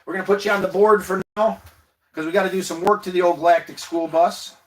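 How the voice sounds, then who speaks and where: A man's voice: sits high, fairly even intonation, fast. Man hosting a casual livestream. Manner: encouraging, talks straight to viewers, swears casually. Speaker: livestream host. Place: inside his bus.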